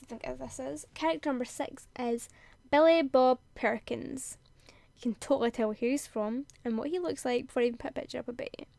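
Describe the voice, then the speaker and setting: A woman's voice: high voice, dry recording. A young woman hosting a gaming video, reading character bios aloud, giggling and tripping over words. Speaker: gaming channel host.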